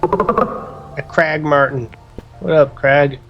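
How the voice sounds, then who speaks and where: A man's voice: a little high, very slow, highs cut off, faint music behind. A young man giving casual, joking let's-play commentary while he plays a game. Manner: casual, joking, hesitant fillers. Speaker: gaming streamer.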